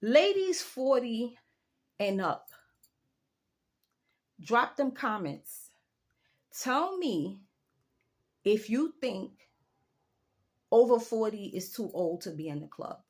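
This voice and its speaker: A woman in her forties giving a casual opinion rant to her viewers, telling a story with emphatic, drawn-out delivery and big jumps in her voice. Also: mid-range voice, big pitch swings, slightly rough. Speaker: vlogger.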